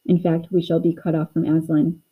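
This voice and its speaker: A woman's voice: low-pitched, flat delivery, a little fast, slightly rough, phone-quality sound. A woman voicing Mister Beaver, a grave, earnest talking male beaver in a storybook reading. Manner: solemn, warning.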